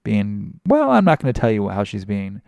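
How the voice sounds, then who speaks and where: A man's voice: on the low side, huge pitch swings, normal speed, vocal fry, a little mellow, no room sound. A man casually narrating a comic story, chatty and explaining as he goes.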